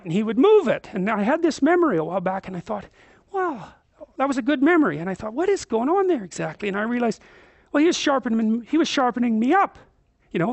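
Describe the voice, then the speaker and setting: A middle-aged man with a Canadian accent lectures with urgent, emphatic energy, pressing hard on key words. His voice sits high for a man. The sound is close and dry, with no room echo. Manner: animated, emphatic storyteller. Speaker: psychologist and lecturer. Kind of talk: lecture storytelling.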